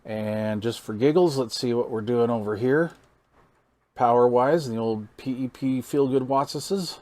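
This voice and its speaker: A man's voice: mid-range voice, a little slow, a little mellow. A man hosting a casual hands-on radio gear demo, folksy and amazed, thinking aloud while he reads meters and counts into the mic. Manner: counts into the mic during test calls. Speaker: radio hobbyist channel host.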